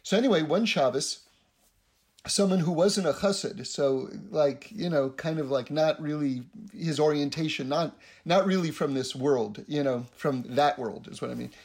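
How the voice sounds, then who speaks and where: High-voiced man, rambling spiritual teaching. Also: moderate pace, a little mellow. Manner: rambling, repeats words, laughs.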